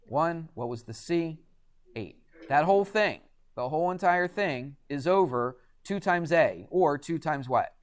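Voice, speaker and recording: A man's voice: fairly high pitch, animated, measured pace. Male math teacher, classroom lecture, chatty, frequent questions to students.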